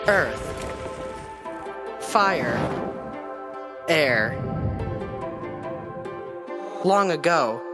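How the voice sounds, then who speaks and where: Male mock-trailer narrator, slow and grand, over loud music. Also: fairly high pitch, expressive. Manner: slow, dramatic pauses.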